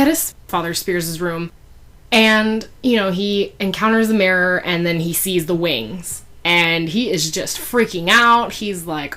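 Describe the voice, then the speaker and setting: A woman's voice: fairly low pitch, a bit bright. Chatty woman reviewer, casual recap, filler-heavy, giggly asides. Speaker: fan fiction reviewer.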